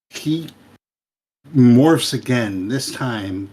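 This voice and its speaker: A game master narrates the scene at a leisurely crawl. His voice is husky and a little breathy, with frequent pauses and fillers as he describes the action. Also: mid-range voice, animated. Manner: unhurried, hesitant with fillers.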